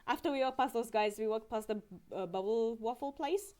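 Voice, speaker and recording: Animated woman chatting on a live stream. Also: a little high, moderate pace. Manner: animated and giggly, with frequent fillers. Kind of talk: casual live-stream recap.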